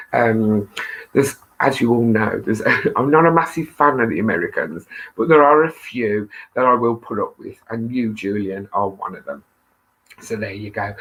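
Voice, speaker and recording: A woman's voice: extremely low pitch, low-quality recording. A middle-aged woman hosting a casual live stream, greeting viewers and reading their comments in a chatty, self-deprecating way with frequent laughs and ums.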